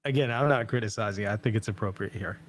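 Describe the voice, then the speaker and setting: A man's voice: lowish voice, quick pace. A man hosting a podcast, talking casually and earnestly about clips he is reviewing, with frequent fillers and restarts. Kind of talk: casual commentary.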